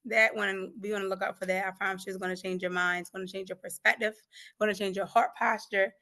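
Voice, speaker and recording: Woman guest, grief coach, fervent faith testimony, bright forceful tone, repeats lines for emphasis. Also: medium pitch, level tone, fast talker. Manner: fervent and preachy, laughs often, repeats phrases for emphasis.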